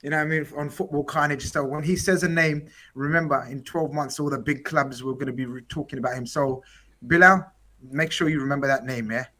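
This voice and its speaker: Bright-voiced jokey panel host. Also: male voice, fairly high pitch, fairly even intonation, a little fast. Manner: jokey, steering, talks over others. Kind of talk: football panel moderating.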